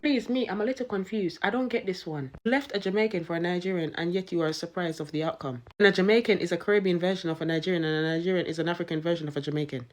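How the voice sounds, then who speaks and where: A woman's voice: lowish voice, racing, few pauses, a little mellow, faint music behind. A young woman doing comedic rants and mock courtroom sentencings with an exasperated, sarcastic delivery. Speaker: comedy content creator.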